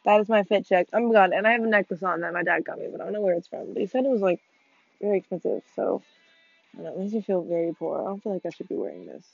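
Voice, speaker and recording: Female co-host, casual rambling gamer chat, fry in the voice, dry close lo-fi mic. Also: mid-range voice, expressive, rapid-fire, no echo. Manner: chatty, rambling, playful. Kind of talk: casual chat while gaming. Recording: tinny phone-like dry mic, faint music.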